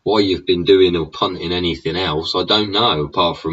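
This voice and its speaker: A man's voice: deep voice, fairly even intonation, moderate pace, fairly bright tone, slightly rough, distant mic. An English man in a sweary, sneering political rant, throwing in "yeah?" and "innit?" as he goes. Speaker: vlogger. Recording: dull sound, away from the mic.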